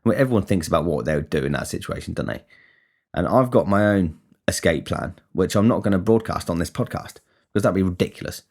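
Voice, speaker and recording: Deep-voiced sweary man. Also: fast talker, husky. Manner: sweary, rambling, animated. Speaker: podcast host. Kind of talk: casual storytelling.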